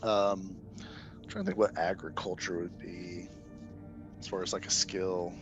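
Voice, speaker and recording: A man's voice: low voice, level tone, unhurried, over music. A man narrating as game master of a tabletop game, rambling with frequent fillers and restarts. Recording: dull lo-fi audio.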